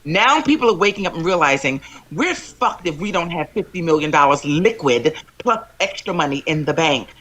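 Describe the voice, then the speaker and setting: A panelist speaking in a forceful, profane, emphatic way during a heated political panel chat, calling in remotely. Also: medium pitch, sing-song, moderate pace, hardly any pauses. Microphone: remote call-in to live panel.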